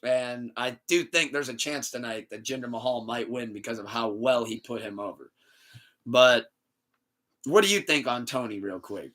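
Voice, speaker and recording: Bright-voiced man ranting on a podcast. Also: mid-range voice, normal speed. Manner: animated, swearing, storytelling rant. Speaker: podcast host. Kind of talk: casual podcast chat.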